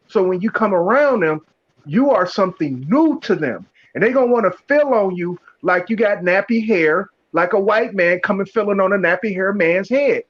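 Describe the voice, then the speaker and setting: A man with a high voice makes his case in casual podcast chat, circling back to repeat his points. His audio sounds dull and lo-fi. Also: animated. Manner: deliberate, repeats his points while explaining.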